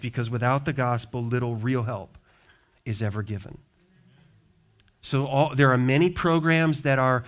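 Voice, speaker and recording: A man with an American accent, a pastor preaching a sermon and telling the stories in lively, acted-out voices. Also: medium pitch. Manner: animated storyteller, acts out voices.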